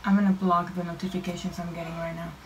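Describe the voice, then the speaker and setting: A woman's voice: lowish voice, flat delivery, fast. A young woman giving nervous, casual reaction commentary to her viewers while playing, swearing as she gets spooked. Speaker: gaming vlogger. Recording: distant from the mic, with clear background noise.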